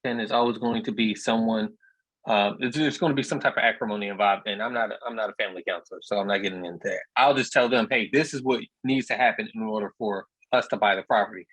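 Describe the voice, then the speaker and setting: A plainspoken man with a slightly husky voice, telling stories in a casual, conversational way. His sound is dry and close, with little room around it. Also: on the low side, fast talker, fairly bright tone, no room sound, poor audio. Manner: storytelling, plainspoken, repeats words. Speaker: real estate investor speaker. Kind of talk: casual talk on a video meetup.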